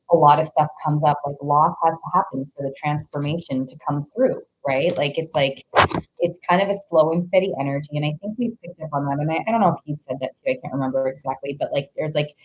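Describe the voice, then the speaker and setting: A woman's voice: low voice, a little fast, dull audio. A woman giving a live-streamed tarot reading, rambling with heavy use of "like" and greeting viewers between thoughts. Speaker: tarot reader.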